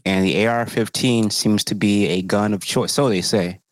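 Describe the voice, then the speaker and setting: A man's voice: lowish voice, steady tone, moderate pace, no room sound. A man pushing back in a casual debate, asking pointed questions and throwing in sarcastic, joking asides.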